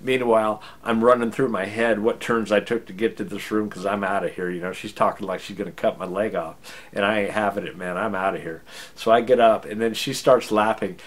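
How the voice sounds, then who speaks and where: Brief: low-voiced American man, casual comic storyteller, self-deprecating. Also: fairly even intonation, brisk. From United States.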